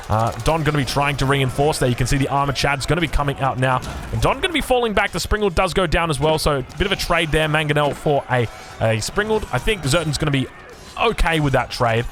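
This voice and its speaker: A man's voice: on the high side, a bit bright. An Australian man casting a strategy game match solo, chatty and jokey, with frequent fillers and restarts. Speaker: esports caster. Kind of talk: solo play-by-play game commentary.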